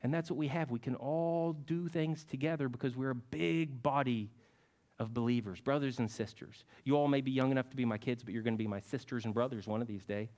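A man leading a children's sermon in church, telling a folksy, animated story to the kids. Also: mid-range voice, fairly quick. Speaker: children's message leader at church. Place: church sanctuary.

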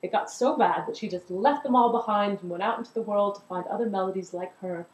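A woman's voice: mid-range voice, fairly quick. A woman telling a story in a performance, narrating expressively and animatedly. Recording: roomy echo.

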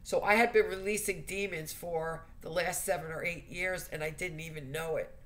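A woman's voice: on the low side, steady tone, moderate pace. A woman giving earnest spiritual advice in a monologue, stressing her points by repeating key phrases. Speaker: spiritual vlogger.

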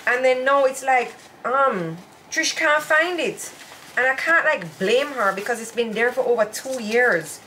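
A woman's voice: sits high, expressive, a little slow, bright, forceful tone, slight background noise. A woman vlogging at home, chatting casually and laughing often while trying on wigs. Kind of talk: casual chat.

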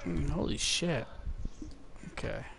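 A young man with a fairly high voice trades crude, laughing banter with friends over a multiplayer game. He swears freely and reacts loudly to surprises, speaking into a home voice-chat mic with faint hiss behind him. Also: lively intonation, slow pace, gravelly. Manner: profane, laughing, easily startled. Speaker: gamer. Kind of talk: casual multiplayer gaming banter.

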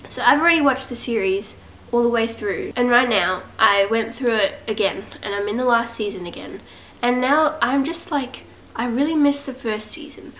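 A woman's voice: on the high side, moderate pace, fairly bright tone, slight background noise, poor audio. Congested young woman rambling to camera. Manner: rambling, self-mocking, chatty. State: congested with a cold. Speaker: vlogger. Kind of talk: casual rambling chat to camera. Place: at home. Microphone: camera set up at home.

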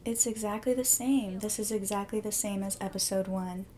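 A woman's voice: mid-range voice, fairly even intonation, moderate pace, dark tone, slight background noise. A young woman hosting a live reaction video, gushing and reacting aloud with emotion, often dropping to a whisper.

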